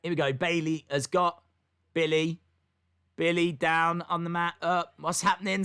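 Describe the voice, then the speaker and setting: A man's voice: a little high, little pitch movement, measured pace, bright, forceful tone, clear, resonant tone. A young man hosting a live wrestling watch-along, calling the action and reading chat comments aloud. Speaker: wrestling stream host.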